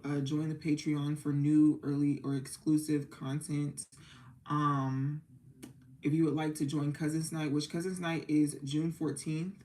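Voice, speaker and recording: A woman's voice: deep voice, mellow, poor audio. A young woman hosting a tarot livestream, chatting casually and sounding sleepy and a little worn out. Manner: chatty, loose, sings along to music between remarks. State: sleepy and exhausted. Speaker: tarot reader and livestream host.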